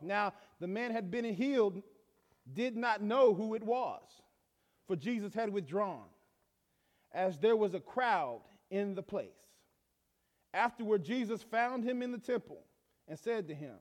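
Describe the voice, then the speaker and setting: A man's voice: high voice, expressive, a little slow, long reverb tail. A male pastor preaching a sermon emphatically, often stammering and restarting his phrases.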